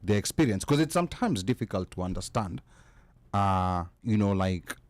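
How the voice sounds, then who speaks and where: Low kenyan dude co-hosting, dry close sound, easygoing, lots of yeahs. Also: male voice, animated, normal speed, no echo. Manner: easygoing, agreeable, often chimes in with yeah. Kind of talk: casual live-stream chat.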